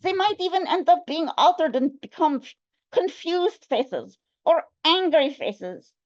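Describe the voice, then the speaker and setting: A woman's voice: very high-pitched, lively intonation, unhurried, no echo, voice pushed up. A woman doing a stern Russian-accented agent. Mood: grave. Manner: clipped, formal, drops articles. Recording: dull, dry sound.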